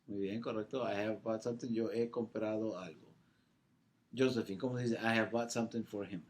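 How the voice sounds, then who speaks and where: A man's voice: on the low side, steady tone, quick pace, darkish tone, slightly rough. A man teaching a Spanish grammar class, patiently explaining, quizzing his students and often checking in with "right?".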